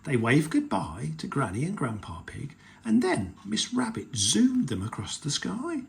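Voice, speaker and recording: A man reading a picture book aloud to children, slow and expressive. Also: mid-range voice, vocal fry.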